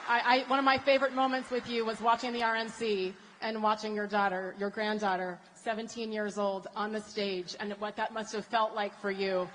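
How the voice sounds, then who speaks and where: A woman's voice: medium pitch, little pitch movement, brisk, few pauses, a little hiss or hum. A woman moderating a town hall, putting an earnest question that builds steadily in force. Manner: building, earnest, ends in loud repeated question. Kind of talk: posing a question at a live event. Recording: hall reverb with faint ambience.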